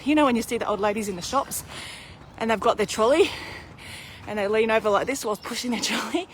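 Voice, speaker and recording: A woman's voice: on the high side, fairly quick, slight background noise. A woman in her thirties, out of breath, chatting candidly in a live video while pushing a pram uphill outdoors. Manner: chatty, candid, self-deprecating. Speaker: vlogger. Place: outdoors on a hilly street.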